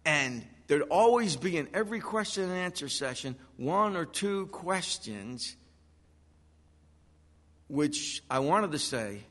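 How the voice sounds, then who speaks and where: A man's voice: sits high, very animated, slow, fairly bright tone. A man preaching a sermon, acting out the biblical quotes he reads. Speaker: pastor. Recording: long hall reverb.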